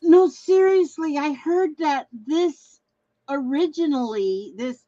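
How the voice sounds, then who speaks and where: A woman's voice: sits high, takes it slowly, dark tone, lo-fi sound. A woman hosting a casual craft livestream, chatting in a rambling way and reading viewer comments aloud. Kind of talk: casual live-stream chat.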